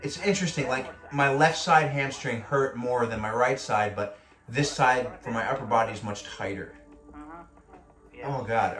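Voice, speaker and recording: A man's voice: mid-range voice, a bit bright. An Australian man talks his way through a stretching routine, complaining and laughing at himself as he strains. He sounds a little out of breath. The room is echoey, with faint music playing behind him. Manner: whiny, self-mocking, groaning through stretches. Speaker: fitness vlogger. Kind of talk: casual workout vlog.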